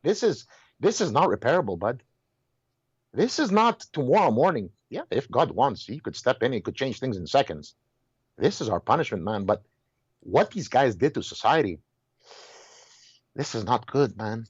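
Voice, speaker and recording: A man's voice: mid-range voice, normal speed, long pauses, breathy edge, no echo, dull audio. A man talking as a guest in a heated casual conversation, telling stories emphatically and restarting his words often. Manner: animated storyteller, repeats and restarts words, exclaims.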